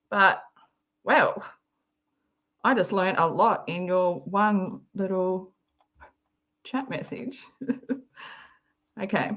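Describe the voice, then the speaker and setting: A woman's voice: medium pitch, slow pace, long pauses. An Australian woman hosting a livestream, chatting casually and giggling while she reads out viewer messages. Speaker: livestream host. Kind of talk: casual chat reacting to a clip.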